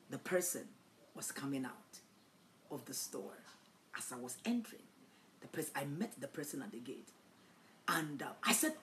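A woman preacher giving a dramatic sermon, swinging from hushed storytelling to loud declarations. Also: low-pitched, slight background noise.

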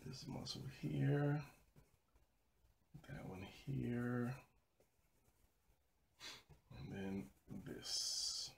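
A man narrating a drawing tutorial while he sketches, low-key and sleepy from an early start. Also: very slow, creaky, pauses often, slight background noise. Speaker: drawing instructor.

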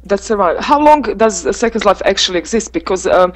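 A woman with a Croatian accent, an English teacher who talks hesitantly on a video call, pausing and restarting often. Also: mid-range voice, lively intonation. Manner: hesitant, many pauses and restarts, laughs softly. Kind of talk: casual video-call discussion.

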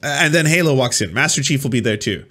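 A man's voice: mid-range voice, lively intonation, fast, pushed and bright. A man hosting a casual reaction commentary, sarcastic and rambling, often repeating and restarting his words. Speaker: host.

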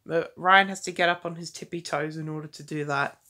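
A woman's voice: deep voice, fairly even intonation, a little fast, pushed and bright. A woman reading fanfiction aloud, stopping often for casual, wry asides and restarting words as she goes. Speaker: fanfiction reader.

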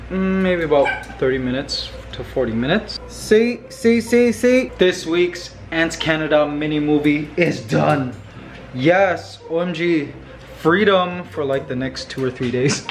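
A man vlogging casually, playful and laughing often, cooing softly to his pet bird at home. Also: on the high side, slight background noise. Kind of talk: casual vlog chat. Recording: roomy echo with music behind.

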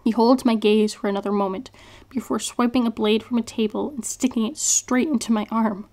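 A woman author reading her own novel aloud in an expressive first-person narration. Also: a little high, brisk.

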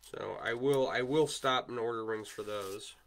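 A man's voice: mid-range voice, normal speed, creaky, a bit bright, slight background noise. A man with a Wisconsin accent hosting a livestream, chatting casually and rambling while he works on chainmail and answers viewer comments. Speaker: livestream host, chainmail maker.

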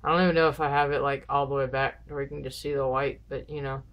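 A fast-talking vlogger with a medium-pitched voice and little pitch movement chats at home to camera. They ramble while doing viewer dares, counting down nervously before each. The highs are cut off.

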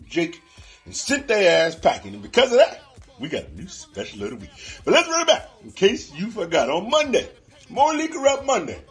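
A man doing a brash, profane wrestler's promo. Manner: profane, boastful, with wild pitch swings. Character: brash trash-talking male wrestler hyping his club.

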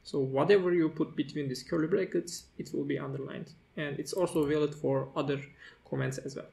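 Gravelly man narrating a coding tutorial. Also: a little high, steady tone, brisk, darkish tone. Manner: walks through steps as he types, with fillers and self-corrections. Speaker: tutorial host. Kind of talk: screen-recorded coding tutorial.

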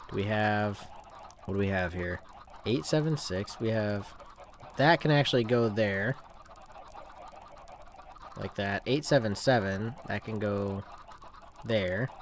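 A man hosting a let's-play, talking to himself casually as he plays and now and then bursting into mock rage. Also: medium pitch. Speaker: gaming channel host.

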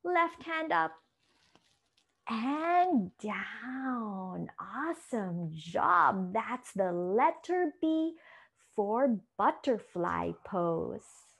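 A woman's voice: on the high side, sing-song, drawn-out words, vocal fry. A woman from the Philippines leading a children's yoga class, giving encouraging, sing-song instructions and asking questions. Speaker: kids' yoga teacher.

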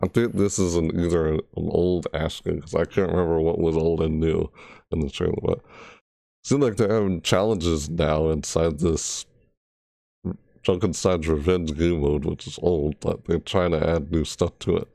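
A man's voice: deep voice, fairly even intonation, moderate pace, creaky, dark tone, no room sound, clean studio sound. A man casually reacting to a game trailer, rambling and correcting himself as he goes. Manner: rambling, self-correcting, breaks into shrieked character impressions. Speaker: gaming video creator.

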